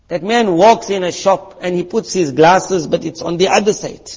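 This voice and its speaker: A man from South Africa preaches in a high, bright voice. He tells stories with acted voices and sound effects. The recording is dull and lo-fi. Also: moderate pace, few pauses, husky. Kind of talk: sermon.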